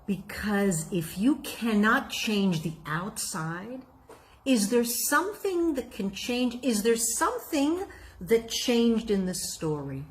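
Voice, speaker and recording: A woman telling a folk tale in an expressive, reflective way, then drawing out its lesson. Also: fairly high pitch, slow. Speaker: storyteller. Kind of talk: folk tale storytelling with a moral.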